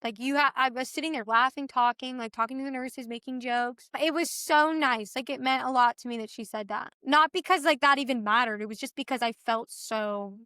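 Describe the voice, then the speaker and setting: Bright, crisp young woman telling a story. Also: high voice, a little fast, hardly any pauses, no echo, studio quality. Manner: animated retelling, acts out others' dialogue; filler-heavy, restarts often. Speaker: podcast guest. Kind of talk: personal story in casual chat.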